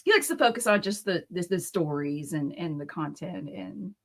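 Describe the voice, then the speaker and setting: A woman in her thirties co-hosting a live comics Q&A, chatting in a giggly, animated way and sometimes hunting for words. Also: lowish voice, normal speed. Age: 30s. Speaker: comics channel co-host. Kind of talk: casual live Q&A chat.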